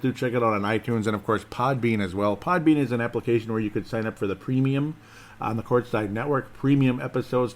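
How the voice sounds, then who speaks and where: A man hosting a casual solo podcast in a rambling, jokey, self-deprecating way. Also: medium pitch. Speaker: podcast host.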